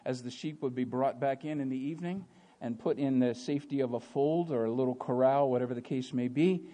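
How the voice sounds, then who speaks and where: A man preaching a sermon, asking rhetorical questions and swinging between quiet passages and loud, emphatic ones. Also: mid-range voice, fairly quick.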